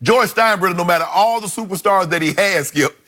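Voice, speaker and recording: A man's voice: sits high, a little fast, pushed and bright. A man, co-hosting a sports debate show, making his points with colorful folksy analogies. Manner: colorful, folksy analogies, keeps addressing his co-host by name.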